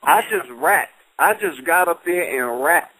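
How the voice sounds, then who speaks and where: A man's voice: on the high side, animated, measured pace, bright, forceful tone, slightly rough, dry recording, rough recording. A man, a battle rapper, in a heated radio argument, taunting in a laid-back way. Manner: taunting, laid-back, keeps saying "you know".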